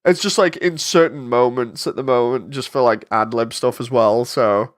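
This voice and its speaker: A man's voice: medium pitch, normal speed. A man with a stuffy, congested voice from a cold, chatting casually and thinking aloud while he edits an animation. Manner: rambling, thinking aloud, with frequent fillers. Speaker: 3D animator and channel host. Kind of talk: casual chat while editing.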